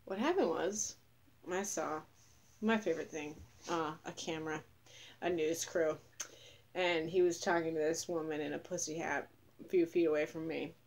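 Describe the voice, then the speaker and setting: Tired, sarcastic woman with a low voice. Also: steady tone, moderate pace, long pauses, darkish tone, a little hiss or hum. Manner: profane, rambling, sarcastic. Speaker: vlogger. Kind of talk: casual storytelling to camera.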